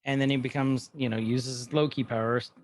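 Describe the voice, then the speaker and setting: A man's voice: medium pitch, steady tone. A man co-hosting a podcast, chatting casually and rambling as he retells scenes. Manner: rambling, retells scenes with quick quoted lines. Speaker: podcast co-host. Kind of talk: casual chat recapping a TV episode.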